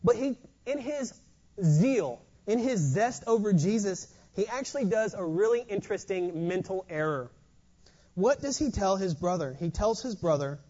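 Animated preacher on a dull lo-fi recording. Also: medium pitch, a little slow. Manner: animated, stumbling repeats. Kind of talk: sermon.

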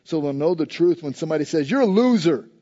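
High-voiced man preaching a sermon. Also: lively intonation, fast, highs cut off. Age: adult with a school-age son. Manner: conversational preaching, shifting between loud emphasis and soft low asides. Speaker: pastor.

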